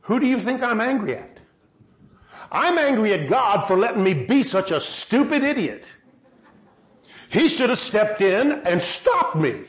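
Man preaching, conversational sermon, high voice, lots of pitch swing, echoey and dull. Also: very animated, a little slow. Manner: conversational, self-deprecating, asks the congregation questions. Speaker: pastor. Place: large room with a congregation. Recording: roomy, dull sound.

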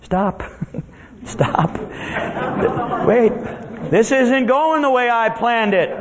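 A man voicing a flustered devil who is losing control, with a high, frantic, protesting voice. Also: takes it slowly, in a large hall, crowd noise. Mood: panicked. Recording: dull lo-fi recording.

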